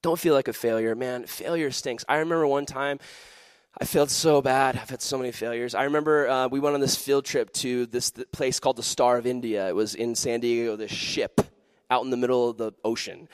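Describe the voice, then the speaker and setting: A man preaching a sermon to a live youth audience, telling animated, jokey stories with lots of energy. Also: mid-range voice, clean tone, no echo. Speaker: youth pastor.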